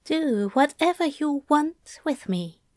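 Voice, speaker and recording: A woman voicing a gentle, eager male angel in a whispered role-play, with a bright, pleading, slightly breathless delivery. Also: high voice, animated, slow pace, no echo, studio quality, pitched above the performer's own voice.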